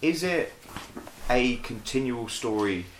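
A man on a podcast asking questions in a quick, halting way. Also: medium pitch, lively intonation. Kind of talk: casual chat. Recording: roomy echo, faint background noise.

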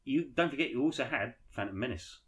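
A man's voice: mid-range voice, fast. A man chatting casually as a podcast co-host, swearing freely and rambling through his stories. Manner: sweary, rambling, animated storytelling. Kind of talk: casual chat.

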